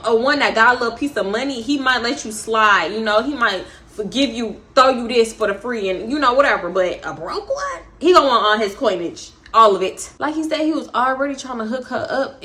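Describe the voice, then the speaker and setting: A young woman telling a storytime vlog in a brash, profane, animated way. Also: medium pitch. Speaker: vlogger.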